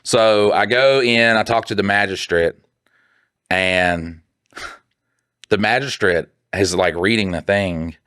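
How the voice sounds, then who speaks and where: A man co-hosting a podcast, telling a story in casual chat, animated and swearing freely, acting out what other people said. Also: on the low side, takes it slowly, long pauses, clean tone, dry recording, studio quality. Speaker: podcast co-host.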